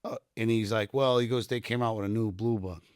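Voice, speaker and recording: With a fairly low, clear, resonant voice and fairly even intonation, a middle-aged retired Army sergeant talks a little fast in a casual podcast chat. He rambles through anecdotes full of fillers, quoting people, recorded cleanly in a podcast studio room with no room sound.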